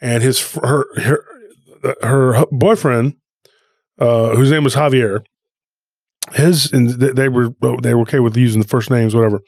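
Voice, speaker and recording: Male podcast co-host, rambling animated storyteller, dry close sound. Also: mid-range voice, normal speed, dry recording. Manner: rambling, animated retelling with frequent restarts.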